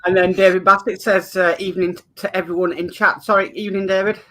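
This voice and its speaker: A man with a high, bright voice reads viewer messages aloud as co-host. He stumbles a little over the words as he goes. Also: little pitch movement, quick pace. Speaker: co-host reading out viewer chat.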